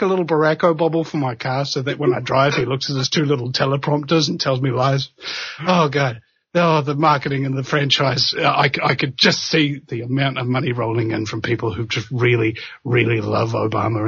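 A man hosts a casual conversation in a sarcastic, animated manner and laughs often. His voice is husky and bright, and his pitch swings lively. The recording is dry and dull. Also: no room sound. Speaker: host.

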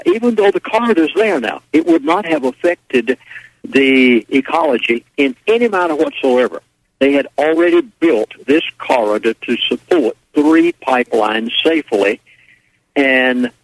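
A man's voice: medium pitch, vocal fry, no echo, low-quality recording. Folksy man telling a long story. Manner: folksy, rambling, acts out quoted voices. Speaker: radio talk show guest. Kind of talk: casual radio interview storytelling.

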